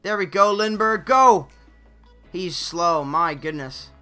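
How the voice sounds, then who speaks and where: This young gaming-channel host gives casual live commentary on the hockey game he's playing, lurching from loud outbursts to low mutters. He speaks slowly, the tone is clean, and faint music plays behind him.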